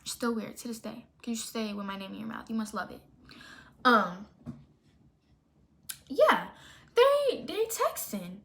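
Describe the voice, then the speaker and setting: Sassy bright-voiced young woman. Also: mid-range voice, moderate pace, creaky, pauses often. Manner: animated, sassy, exaggerated retelling. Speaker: storytime vlogger. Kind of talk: casual storytime.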